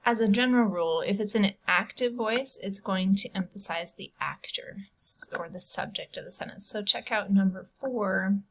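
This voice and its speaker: A middle-aged woman teaching a recorded online lesson at a middling pitch for a woman. She talks patiently and walks through each point step by step, dropping casual asides as she goes. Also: normal speed, creaky, few pauses.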